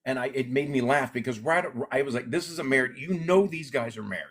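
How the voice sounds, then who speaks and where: Talking fast at a medium pitch, the middle-aged Alaska-raised comedian keeps the interview casual. His storytelling is lively, and he voices each character he quotes.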